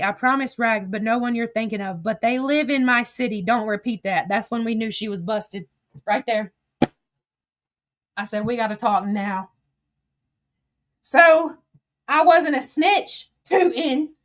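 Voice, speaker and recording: High-voiced woman reading old texts aloud. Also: measured pace, dry recording, clean studio sound. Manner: blunt and profane, with wry asides. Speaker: commentator recounting drama.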